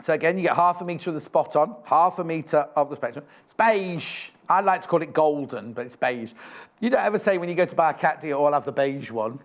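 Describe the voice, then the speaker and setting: A man's voice: a little high, lively intonation, a little fast. A man presenting craft kits on a live shopping channel, chatty and enthusiastic, rambling with frequent self-corrections.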